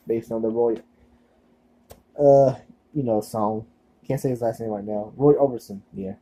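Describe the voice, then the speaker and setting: A young man talks to his channel in a loose, rambling way. He leans on fillers and self-deprecating asides. His voice is very dark and mellow, with a husky edge. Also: mid-range voice, normal speed, long pauses, muffled recording. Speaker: vlogger. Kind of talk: casual rambling video monologue.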